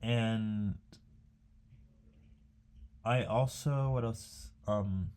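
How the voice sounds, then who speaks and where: Chatty low-voiced young man rambling. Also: very slow, darkish tone. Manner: chatty, meandering, many fillers and restarts. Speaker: art vlogger. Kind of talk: casual rambling monologue while painting.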